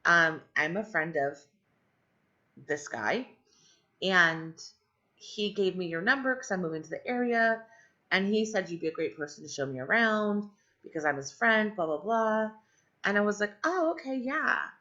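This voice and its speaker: A woman's voice: on the low side, normal speed, bright, forceful tone. A middle-aged woman telling a long personal story in a rambling way, full of fillers and asides. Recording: dull lo-fi sound.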